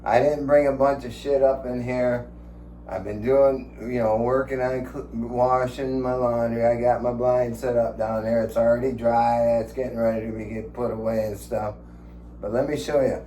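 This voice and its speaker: A man's voice: medium pitch, level tone, normal speed, mellow. A man in his sixties rambling casually at home for his vlog, swearing freely and chuckling as he tells stories. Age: 60s. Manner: profane, chuckling storyteller. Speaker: vlogger. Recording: echoey room with faint hum.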